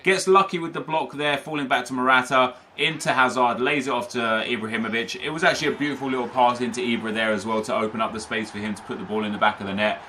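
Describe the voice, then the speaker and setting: A man's voice: medium pitch, fairly even intonation, fast talker, few pauses, pushed and bright, slight background noise. A young man giving casual play-by-play commentary over his own football video game matches, chatty with frequent fillers. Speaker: gaming commentator.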